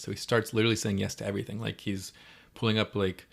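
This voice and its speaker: Gravelly man animatedly recapping a film. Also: on the low side. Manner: animated retelling, acting out lines in quick quoted voices. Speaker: podcast co-host. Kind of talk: casual movie recap.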